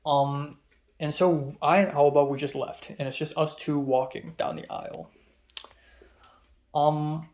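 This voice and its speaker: A young man, a native Cantonese speaker, with a slightly higher-pitched voice. He rambles through his story in a casual vlog style, filling pauses with ums and restarting sentences as he goes. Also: darkish tone. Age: young adult. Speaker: vlogger.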